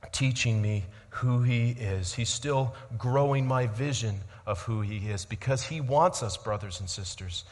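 A man preaching a sermon as pastor, swinging between loud emphasis and quiet reflective passages. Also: mid-range voice, big-room sound.

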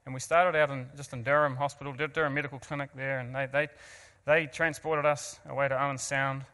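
A man's voice: medium pitch, little pitch movement, a little fast, bright, forceful tone, big-room sound. A man from New Zealand with a New Zealand accent, earnestly telling an audience his personal story with self-mocking asides and frequent restarts. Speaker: guest speaker.

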